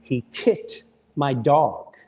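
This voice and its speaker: A man voicing a tough father who calmly threatens intruders, slow and low. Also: breathy edge, full character voice. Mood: menacing. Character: calm menacing tough older father.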